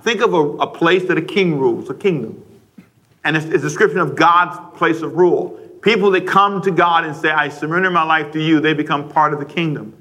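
Man, radio preacher, sermon, bright tone, higher pitch, questioning, conversational. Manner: conversational, asks the listeners many questions; mimics frustrated parents with sudden loud outbursts.

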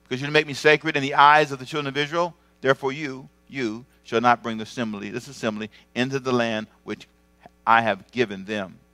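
A male pastor delivering a lively sermon in a mid-range voice. He moves from loud, emphatic calls down to quiet, confiding asides. The sound is close and dry, with a faint hum of mains electricity behind him. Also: medium pitch, fairly quick, dry recording. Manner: animated preaching, swings from loud exclamation to quiet asides.

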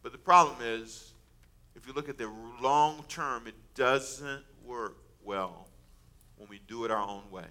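A pastor preaching a casual, storytelling sermon, joking and conversational with the congregation. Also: male voice, medium pitch, a little slow. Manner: conversational, animated, self-mocking storyteller.

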